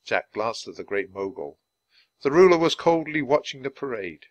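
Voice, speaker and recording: A man reading a children's chapter book aloud clearly, for language learners. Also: mid-range voice, sing-song, moderate pace, no room sound. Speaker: storybook reader.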